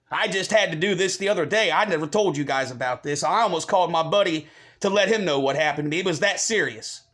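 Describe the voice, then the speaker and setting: Vlogger, male, fairly high voice, heated and profane, repeats his points. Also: fairly bright tone. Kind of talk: angry rant to camera.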